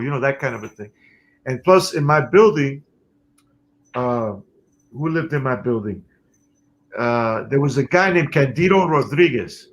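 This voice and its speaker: A man, a guest musician telling stories in an interview, animated and quick to laugh. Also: mid-range voice. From New York City. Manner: animated storyteller who laughs often. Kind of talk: storytelling in an interview.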